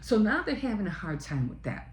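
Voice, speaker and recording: A woman's voice: mid-range voice, sing-song, fairly quick, echoey room, a little hiss or hum. A woman chatting casually about a book she is reading, retelling scenes in a rambling storytelling way. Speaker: book vlogger.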